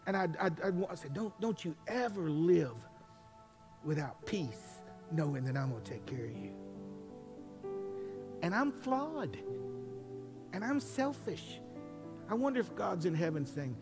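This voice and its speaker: A male preacher delivers a sermon, building from a conversational tone to impassioned, soaring preaching. His voice sits a little high. Music plays clearly underneath him the whole time. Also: lively intonation, normal speed.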